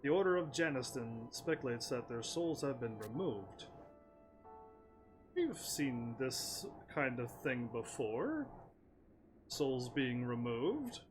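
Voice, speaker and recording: Speaking slowly but with great animation, a medium-pitched male gaming streamer offers casual commentary on his game. He reads the dialogue aloud, laughs often, and keeps things playful while game music plays.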